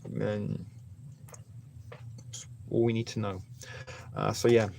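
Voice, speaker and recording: A man's voice: lowish voice, flat delivery, slow pace, creaky, mellow, a little hiss or hum. A man hosting a casual live stream, rambling and chatting with viewers by name.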